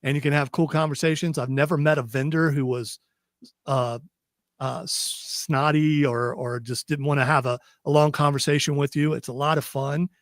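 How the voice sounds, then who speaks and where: A man's voice: on the high side, steady tone, normal speed, no room sound. A man hosting a radio talk show, rambling and chatty with lots of restarts, speaking into a studio microphone.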